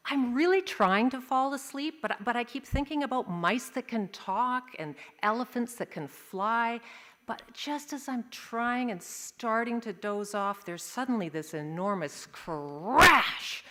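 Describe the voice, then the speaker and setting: A woman sharing a vivid personal story at a service, telling it expressively with dramatic pauses. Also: fairly high pitch, animated, bright, forceful tone. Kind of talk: storytelling to a congregation. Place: large worship hall. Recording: long hall reverb.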